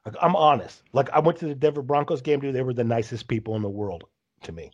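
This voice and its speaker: A man's voice: medium pitch, quick pace, slightly rough, highs cut off. A man hosting a podcast in casual chat, rambling and saying "dude" often. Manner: rambling, says "dude" a lot. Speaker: podcast host.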